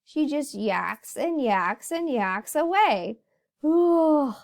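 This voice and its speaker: A woman teacher with a high voice walks young children through a phonics lesson. She speaks slowly and in an animated storytelling way, addressing them as boys and girls. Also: creaky.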